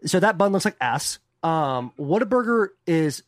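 Brief: crude, animated co-host from Arizona, voice swings widely, dry close mic. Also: male voice, on the high side, measured pace, no echo. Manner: animated, rambling storytelling with crude slang. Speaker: podcast co-host. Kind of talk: casual chat.

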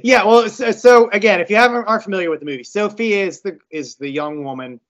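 Podcast co-host, man, easy laugh, rambling delivery, slightly high voice, dull lo-fi recording. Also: fast. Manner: rambling, restarts his sentences, laughs easily. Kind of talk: casual chat.

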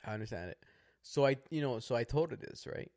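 A man's voice: medium pitch, lively intonation, fast talker, darkish tone. A man co-hosting a podcast, telling a story animatedly, acting out the voices of the people in it and swearing freely. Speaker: podcast co-host.

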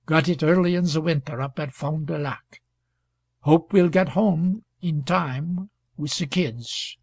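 A man's voice: takes it slowly, vocal fry, a little mellow, husky, dry recording, full character voice. Weary old backwoods father, read by a man. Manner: low, weary and plain-spoken.

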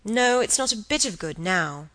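A woman voicing a thoughtful, earnest young woman who speaks politely and gently chides in an audiobook. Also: medium pitch, lively intonation, normal speed, dry recording, close to an everyday voice, rough recording. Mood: chiding.

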